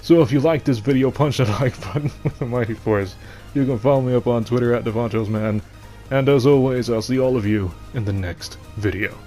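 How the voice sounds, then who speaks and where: A male vlogger talking straight to camera in a loose, rambling monologue at a mid-range pitch. He doubles back on his words and breaks into short chuckles, with faint music underneath. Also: brisk, dark tone. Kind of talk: casual opinion monologue.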